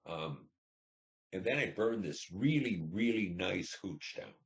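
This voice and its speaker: A man's voice: sits low, lively intonation, slow pace. A man in his seventies, a veteran, telling his war memories in a rambling, blunt and profane way, with many restarts. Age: 70s. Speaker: veteran recounting war service. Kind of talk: oral history storytelling.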